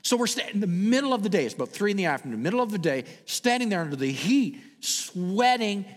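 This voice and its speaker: Animated man preaching in a reverberant hall. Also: high voice, fast. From Canada. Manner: animated, dramatic swings between loud and hushed. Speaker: pastor. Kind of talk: sermon with storytelling.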